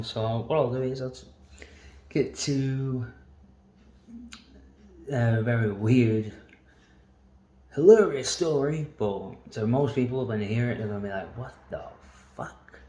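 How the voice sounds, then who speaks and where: A man's voice: mid-range voice, warm tone, roomy sound, low-quality recording. A man telling a long personal story in a waffling, casual monologue, swearing often and laughing between lines. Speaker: vlogger.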